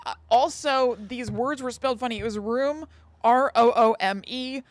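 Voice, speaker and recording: A woman's voice: fairly high pitch, normal speed, no room sound. A woman co-hosting a podcast, chatting casually and reading an old text aloud, correcting herself and giggling. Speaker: podcast co-host.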